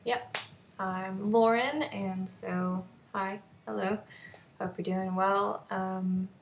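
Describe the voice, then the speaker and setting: A woman's voice: medium pitch, steady tone, takes it slowly, slight background noise. A young woman with a North Texas accent chatting casually in a vlog, with many fillers and small laughs. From North Texas, USA. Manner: chatty, giggly, lots of fillers and likes. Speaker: vlogger. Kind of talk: casual chat.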